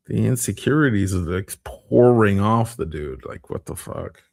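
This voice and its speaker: A man with a deep, gravelly voice rambles through a casual live stream chat. He swears freely and breaks into laughter between thoughts. His tone is a little husky. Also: expressive, measured pace, few pauses, a little mellow. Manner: rambling, profane, laughs often.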